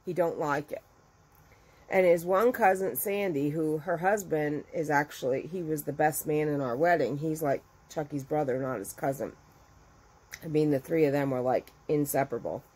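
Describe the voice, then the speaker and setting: A middle-aged woman, a crochet business owner, telling a story to her viewers in a chatty, animated way and acting out the quotes. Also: low-pitched, normal speed, husky, low-quality recording.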